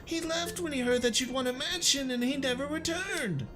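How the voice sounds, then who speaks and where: A tiny, panicky mushroom servant from a video game, crying and begging in a squeaky, quavering voice. The pitch sits far above a normal speaking voice, and game music plays behind. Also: male voice, expressive, moderate pace, fairly bright tone. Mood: weepy, panicked. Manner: high-pitched, sobbing and pleading. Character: frantic tearful little male mushroom retainer.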